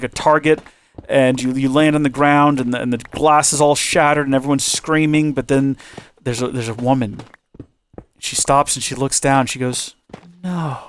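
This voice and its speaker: A man's voice: mid-range voice, smooth. Rambling joking man, voice wearing out. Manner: rambling, joking, teasing viewers. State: losing his voice. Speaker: gaming channel host. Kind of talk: chatty let's-play commentary.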